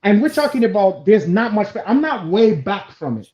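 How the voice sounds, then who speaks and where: A man's voice: high-pitched, very animated, moderate pace. Foul-mouthed man telling a heated story. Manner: heavy swearing, loud acted-out quotes, many restarts. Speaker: co-host. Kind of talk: animated storytelling chat. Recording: roomy, dull lo-fi stream audio.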